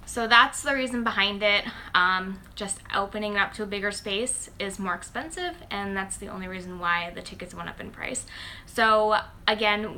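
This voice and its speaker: A woman's voice: mid-range voice, bright, forceful tone. A woman hosting a casual phone livestream for her followers. She speaks with a slight lisp and talks in a chatty, upbeat way with frequent "um"s. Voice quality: slight lisp from dental aligners. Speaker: host and founder of a blogger network.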